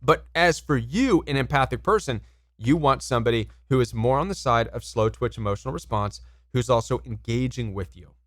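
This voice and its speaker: Recorded in studio quality without echo, a man with a mid-range voice delivers direct-to-camera relationship advice. His style is emphatic and repetitive, and he puts questions to viewers.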